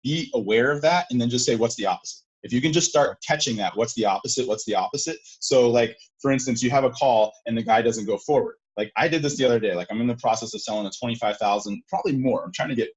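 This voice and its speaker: Male guest, casual energetic talker, a bit husky, lo-fi sound. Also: medium pitch, fast talker, few pauses. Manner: animated, filler-heavy, acts out quotes. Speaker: sales guest. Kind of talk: casual interview talk. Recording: dull lo-fi sound.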